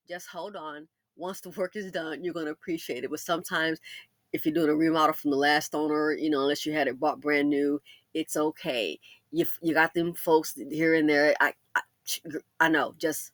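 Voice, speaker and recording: A woman hosting a casual commentary monologue, animated and sassy, acting out imagined conversations in shifting voices. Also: lowish voice, moderate pace, no echo. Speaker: commentary channel host.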